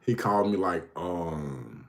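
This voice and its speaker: A man's voice: low-pitched, lively intonation, slow. A man hosting his own show, telling stories casually, often laughing and calling the listener bro. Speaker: host. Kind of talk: casual storytelling.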